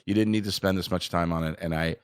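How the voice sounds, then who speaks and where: A man's voice: low-pitched, steady tone, quick pace, clear, resonant tone, no room sound, clean studio sound. A man guesting on a podcast, talking in an enthusiastic, heartfelt way. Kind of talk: casual podcast chat.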